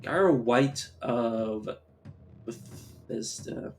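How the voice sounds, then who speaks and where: Slow-talking, rambling male streamer. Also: mid-range voice, a little mellow. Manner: rambling, profane, self-interrupting. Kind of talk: casual live-stream gameplay chat.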